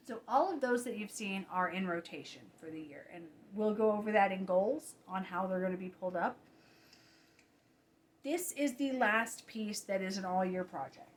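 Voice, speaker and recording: A woman talks about her cross-stitch projects in a relaxed, chatty way. She sounds tired late at night, often catching and correcting herself, and drops into soft asides now and then. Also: medium pitch, moderate pace, a little hiss or hum. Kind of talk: casual chat. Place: home at night.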